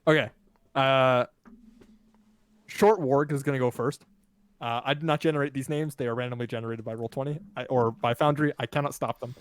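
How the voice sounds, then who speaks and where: Man, game master, casual rulings, dry close mic, mid pitch. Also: fairly even intonation, fairly quick, no room sound. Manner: casual, counts out movement step by step. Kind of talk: running a tabletop game.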